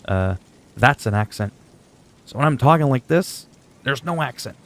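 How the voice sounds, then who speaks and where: A man's voice: mid-range voice, lively intonation, moderate pace, fairly bright tone. A man from Canada chatting casually on a gaming livestream, joking and rambling while he answers chat.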